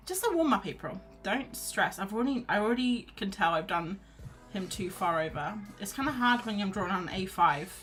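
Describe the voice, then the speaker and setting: This art streamer speaks at a moderate pace with few pauses, her voice sitting at a medium pitch. Painting at home on a sofa wrapped in a blanket, she chats casually on her live stream, reads out the chat, and rambles through self-encouragement as quiet background music plays.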